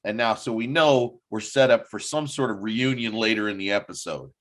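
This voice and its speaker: A man hosting a casual review chat, animated, laughing often and talking his way through each scene. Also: on the low side, moderate pace. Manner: animated, laughs often, jumps into quoted voices. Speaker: podcast host.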